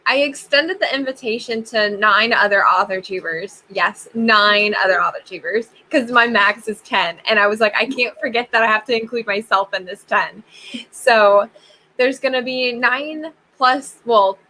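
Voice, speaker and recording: A woman's voice: fairly high pitch, normal speed, rough recording. A woman chatting as a guest on a writing livestream, laughing easily. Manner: warm, laughing. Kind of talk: casual chat on a writing livestream.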